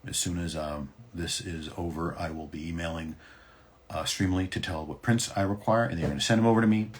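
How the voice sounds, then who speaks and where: A man in his fifties with a very deep, husky voice, chatting casually with fans on a livestream. He rambles along relaxed, with plenty of ums and uhs between thoughts. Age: 50s. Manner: relaxed, rambling, many fillers. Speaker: voice actor hosting a fan Q&A.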